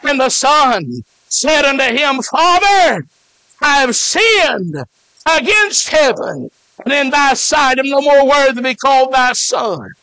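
A man from Alabama preaches in a fervent, high and bright voice. He shouts and stretches out his phrases, with frequent "uh" fillers. The sound is close and dry, with no room around it. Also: very animated, slow, no room sound. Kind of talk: shouted revival sermon.

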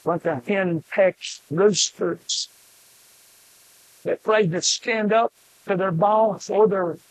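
An older man preaching a fiery sermon, emphatic, with shouted peaks and rhythmic lists. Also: sits high, dry recording, poor audio.

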